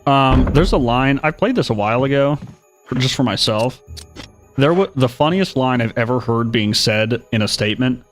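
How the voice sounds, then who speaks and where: A man's voice: medium pitch, animated, normal speed, soft background music. A man streaming a horror video game, chatting casually and narrating his own moves with wry asides. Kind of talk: live gameplay commentary.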